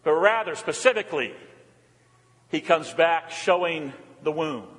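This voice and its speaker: Male pastor, high voice, rhetorical questions, repeated refrains, echoing church sanctuary. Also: animated, a little slow, a bit bright. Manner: leads the congregation in call and response. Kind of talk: sermon. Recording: long church reverb.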